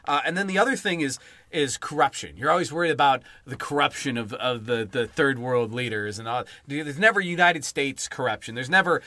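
A man with a mid-pitched, bright voice, telling wry, profane stories on a podcast and reading passages aloud. The recording is dry and close. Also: brisk, dry recording. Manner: conversational storyteller, wry and profane. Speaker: podcast co-host.

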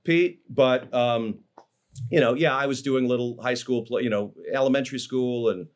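A man's voice: medium pitch, moderate pace. A man, an actor, telling stories about his life in a casual interview, rambling with fillers and restarts. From Los Angeles, USA.

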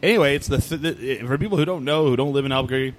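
A man's voice: medium pitch, very fast, a little hiss or hum. A man co-hosting a casual chat, telling stories and acting out what people said, recorded in a distillery. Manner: animated storyteller, acts out quotes. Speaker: podcast co-host.

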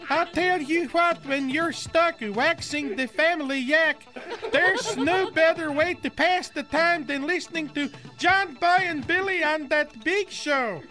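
A man voicing a goofy folksy caller from Norway with a put-on Norwegian accent. He rambles in a slow, hearty way. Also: very high-pitched. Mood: jolly. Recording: music behind.

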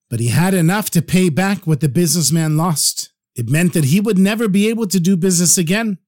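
A man telling a religious folk tale in a slow, dramatic storytelling manner. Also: sits high, a little mellow, no echo, clean studio sound.

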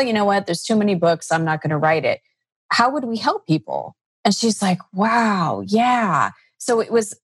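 A woman's voice: on the low side, no echo. A woman coach answering interview questions, telling stories about clients and acting out their dialogue. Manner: storytelling, acts out client dialogue.

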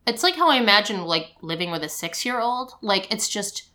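Brisk, bright-voiced mom. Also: female voice. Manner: chatty, animated, mimics her toddler in a high squeal. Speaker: podcast co-host, mother. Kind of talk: casual chat.

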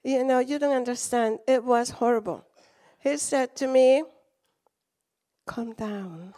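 A high-voiced Latina woman from Latin America, a guest preacher, gives a sermon full of stories at a normal speed. She tells them with animation, acting out quotes and laughing often.

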